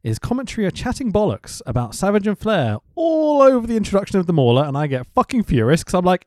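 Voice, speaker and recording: A man co-hosting a podcast, chatting excitably, swearing a lot and laughing often. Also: high voice, quick pace, few pauses, dry recording, clean studio sound. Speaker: podcast co-host. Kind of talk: casual chat.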